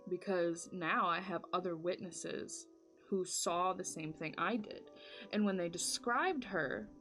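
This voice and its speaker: A woman's voice: fairly low pitch, slow, fairly bright tone, faint music behind. A woman vlogger telling a spooky story in casual chat while doing her makeup, full of "like" fillers and dramatic retelling.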